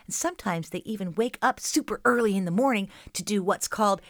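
A woman's voice: medium pitch, fairly quick. A woman hosting a children's show, giving upbeat scripted narration and speaking straight to young listeners.

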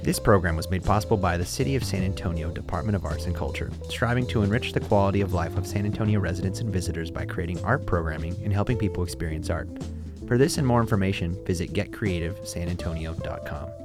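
A man announcing a scripted sponsor credit in a brisk, even read. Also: low voice. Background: guitar music.

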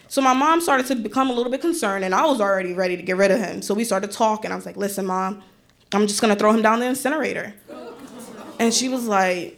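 On stage, a young woman tells a funny story from her own life, animatedly acting out her relatives' voices with plenty of energy. Her voice is fairly high and a little fast.

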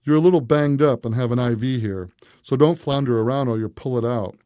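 A man voicing a calm, brisk female hospital nurse. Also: mid-range voice, dry recording, lightly acted.

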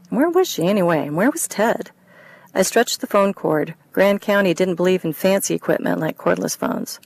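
A woman, the author, reading her first-person mystery novel aloud in a wry, expressive way. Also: lowish voice, normal speed, creaky, poor audio.

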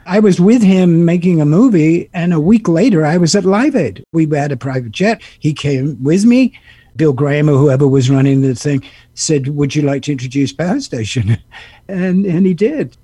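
A man in his seventies, a guest actor and musician, telling animated stories with laughter and impressions in an interview. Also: a little high, normal speed, breathy edge, dry recording. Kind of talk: interview storytelling.

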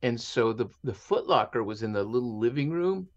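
A man's voice: medium pitch, lively intonation, normal speed, muffled recording. A man telling stories as an interview guest, reflective and conversational, slipping Spanish words into his English. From Mexico and San Diego. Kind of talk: conversational storytelling.

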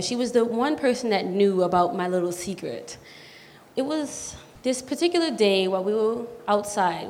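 A teenage girl from New telling a personal story on stage, lively and youthful, with quick bursts of excitement. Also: medium pitch, slight background noise. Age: teens. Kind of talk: live storytelling. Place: community school event space. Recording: long hall reverb.

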